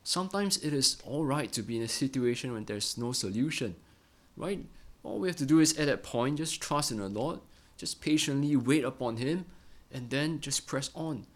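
A middle-aged man preaching a Bible-study sermon in an earnest way, often ending phrases with a quick "right?". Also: medium pitch, lively intonation. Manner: earnest, ends many phrases with a tag question "right?".

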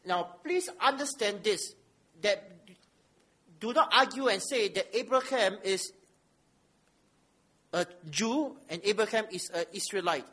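A man's voice: high voice, expressive, unhurried, pauses often, pushed and bright. A man preaching a sermon, reading scripture aloud and asking the listeners rhetorical questions with emphasis.

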